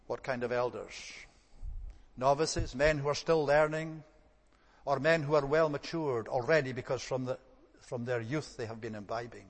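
Emphatic preacher in an echoing hall. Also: male voice, moderate pace. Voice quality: emphatic, rising to stress points then dropping low. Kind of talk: sermon. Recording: long hall reverb.

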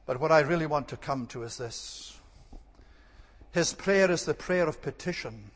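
A man's voice: a little high, lively intonation, normal speed, big-room sound. A man preaching an earnest, emphatic sermon and repeating his key words for stress.

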